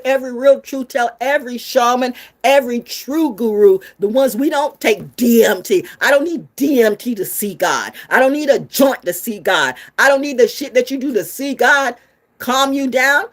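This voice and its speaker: A woman's voice: on the high side, moderate pace. A woman delivering a fiery, profane, sermon-style rant, preachy and full of rhetorical questions. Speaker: spiritual vlogger. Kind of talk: ranting sermon-style monologue.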